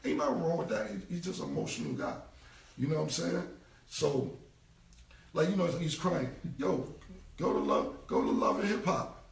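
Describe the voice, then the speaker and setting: A man's voice: fairly high pitch, wildly swooping pitch, moderate pace, creaky, recorded from a distance. A man in his forties ranting casually on a phone livestream, emphatic and profane, repeating his points. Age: 40s. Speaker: rapper responding on a livestream. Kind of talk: casual rambling livestream rant. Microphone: phone held away. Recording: roomy echo, voice away from the phone mic.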